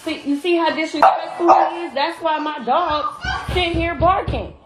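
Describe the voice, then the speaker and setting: High-voiced woman ranting to her phone, upset, says it over and over, echoey room with loud noise. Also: normal speed. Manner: upset, repetitive, talks to viewers directly. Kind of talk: casual venting to camera.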